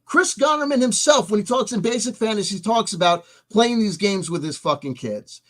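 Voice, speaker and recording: A man hosting a vlog, ranting emphatically with profanity and swinging between loud outbursts and soft asides. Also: sits high, lively intonation, normal speed. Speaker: host.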